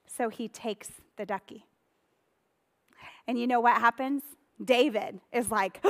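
A woman pastor preaches with a fairly high voice, telling Bible stories in a casual, conversational way. Her words trail off into the long reverb of a church hall. She brings the stories to life with animated retellings. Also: takes it slowly, pauses often. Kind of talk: sermon.

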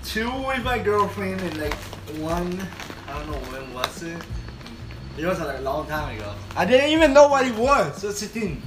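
A man's voice: high voice, very animated, normal speed, over music. A young man hosting crude casual chat, laughing often and rambling, losing his train of thought. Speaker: host. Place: home room.

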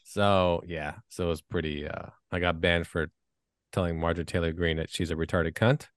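A man's voice: deep voice, fairly even intonation, normal speed, no echo, studio quality. A man hosting a podcast, chatting casually, blunt and joking as he leads the questions. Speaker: podcast host. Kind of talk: casual chat.

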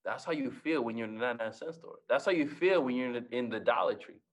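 A man's voice: mid-range voice, fast talker. A young man giving a motivational talk as a guest speaker, telling stories, acting out dialogue and repeating key lines for emphasis.

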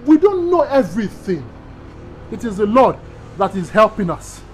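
A man's voice: high voice, very animated, normal speed, slight background noise, low-quality recording. A man from Nigeria with a Nigerian accent, a pastor giving an emphatic teaching sermon to other pastors, repeating key phrases and asking rhetorical questions.

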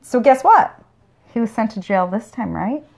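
A woman's voice: a little high, lively intonation, moderate pace, vocal fry. A woman co-hosting a casual podcast, telling a story in a joking, profane way. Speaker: podcast co-host. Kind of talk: casual true-crime chat.

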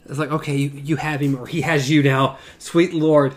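A man's voice: on the high side, steady tone, normal speed. A man co-hosting a podcast, reading a novel aloud and reacting enthusiastically. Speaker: podcast co-host.

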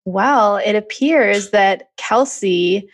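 A woman co-hosts a recap podcast in a relaxed, casual way. Her talk is full of "like". Her pitch is middle for a woman. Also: extremely slow. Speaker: podcast co-host.

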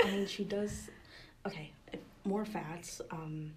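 A young woman co-hosting a podcast in casual chat, talking softly and half-whispering in a library, with frequent giggles. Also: on the low side, slow, a little hiss or hum. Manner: hushed, near-whispering, giggly. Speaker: podcast co-host.

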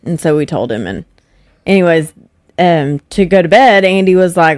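A young woman tells stories in a relaxed, chatty way, and her voice sits on the lower side for a woman. She brings the people in her stories to life by acting out their lines. The sound is dry and close. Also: normal speed, no room sound. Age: young adult. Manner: animated, acts out quoted voices. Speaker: podcast guest, host's wife. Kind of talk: casual storytelling chat.

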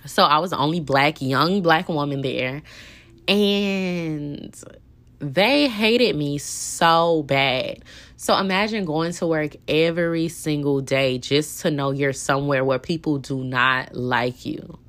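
Young woman podcaster, deep low voice, chatty and indignant, lots of likes and ums. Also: takes it slowly, fairly bright tone. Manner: candid, indignant, chatty with frequent fillers. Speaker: podcast host. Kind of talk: casual storytelling monologue.

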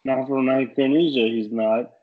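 A man's voice: mid-range voice, steady tone, normal speed, phone-quality sound, crowd noise. A man co-hosting a podcast, wry and teasing in casual chat. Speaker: podcast co-host.

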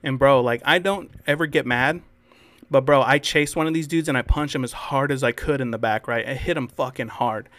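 A man's voice: medium pitch, brisk, fairly bright tone, no room sound. Casual rambling young man storyteller. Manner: rambling storyteller, swears freely. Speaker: podcast co-host. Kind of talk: casual chat.

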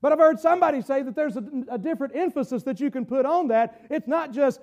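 A middle-aged man preaching a sermon as pastor, emphatic, repeating phrases and rising at times to shouts. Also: very high voice, fast talker, hardly any pauses.

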